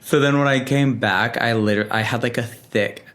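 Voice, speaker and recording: A young man telling personal stories in a relaxed, chatty way, full of fillers and quick laughs. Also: mid-range voice. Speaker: podcast guest. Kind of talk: casual storytelling.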